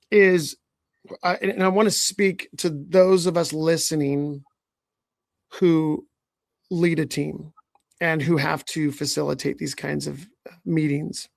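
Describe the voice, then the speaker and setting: A male leadership coach hosts a podcast in an earnest, advising way, often checking in with "right?". His voice sits a little high and has a gravelly edge, and the recording is dry. He talks the listener through workplace habits in a steady conversational flow. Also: slow pace, pauses often, dry recording.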